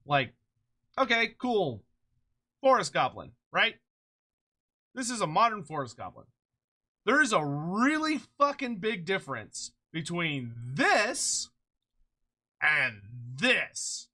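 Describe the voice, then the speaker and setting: A streamer chatting casually on a live stream, excitable and rambling, swearing freely and laughing often, short on sleep. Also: medium pitch, slow pace, long pauses. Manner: rambling with frequent restarts.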